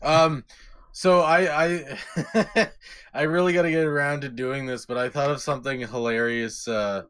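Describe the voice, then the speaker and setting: A man's voice: medium pitch, steady tone, a little slow, fairly bright tone, smooth. A man co-hosting a podcast in a laid-back, hesitant way, with many fillers. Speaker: podcast co-host. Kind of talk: casual chat.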